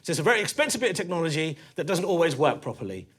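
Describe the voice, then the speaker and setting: A man in his thirties with a London accent, performing a stand-up set in a comedy club, conversational and punchy, with quick asides to the crowd. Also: fairly high pitch, sing-song, background noise. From East London.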